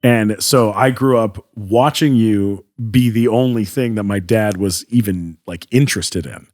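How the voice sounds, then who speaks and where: A man's voice: on the low side, measured pace, a little mellow. A man from Canada telling a story casually as a podcast guest, acting out quotes and using many fillers.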